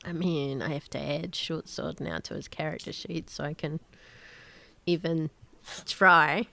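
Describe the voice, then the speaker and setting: A woman narrating as game master of an online tabletop game, laughing often between quick rulings. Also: sits low, fairly even intonation, vocal fry, sharp tone.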